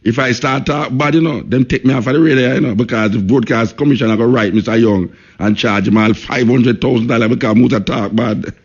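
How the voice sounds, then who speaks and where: A Jamaican man holds forth on a talk radio show, driving his points home by repeating them and tossing in "you know" between phrases. His voice sits at an ordinary pitch for a man. The broadcast sounds dull and lo-fi. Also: a little fast, few pauses, husky. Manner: emphatic, repeats himself, peppers speech with "you know".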